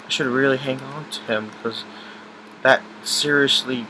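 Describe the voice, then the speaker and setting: A young man telling a personal story about his grandfather in a halting, emotional way, with many restarts and fillers. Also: medium pitch, steady tone, bright, forceful tone, slight background noise, poor audio.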